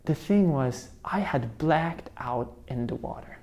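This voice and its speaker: This young motivational speaker speaks slowly, with lively intonation and a slightly high, somewhat mellow voice. He recounts a personal story, imitating voices and sound effects as he tells it.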